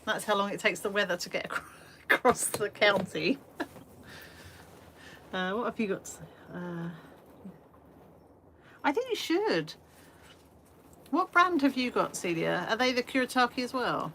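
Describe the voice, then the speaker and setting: A woman's voice: mid-range voice, animated, unhurried, pauses often, pushed and bright. A woman hosting an art live stream from a small shed studio, chatting casually and laughing at herself. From England. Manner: chatty, self-deprecating, rambling with fillers. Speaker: art livestream host. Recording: faint background noise.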